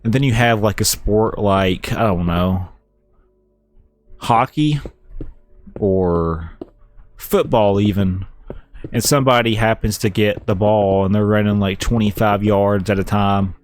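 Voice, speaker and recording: A let's-play streamer with a Kentucky Southern accent gives laid-back, rambling commentary while playing a building game. His voice is on the low side, and he speaks a little slowly with long pauses.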